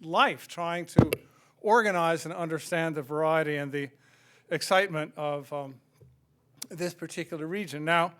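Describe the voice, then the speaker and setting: A man's voice: fairly high pitch, a bit bright. Older American man giving a reflective lecture. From United States. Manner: reflective and conversational, with frequent fillers. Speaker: guest lecturer. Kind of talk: public lecture. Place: lecture hall.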